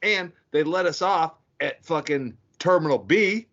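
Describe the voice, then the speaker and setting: A man co-hosting a podcast, chatting casually and dropping wry, quick interjections. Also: fairly high pitch, fairly bright tone. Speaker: podcast co-host. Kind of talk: casual chat. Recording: dull, lo-fi podcast audio.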